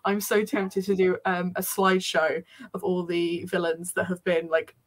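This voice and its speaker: A woman's voice: lowish voice, little pitch movement, normal speed. Chatty woman, laughs a lot. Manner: chatty, laughs often, acts out quotes. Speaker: co-host. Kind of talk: casual chat.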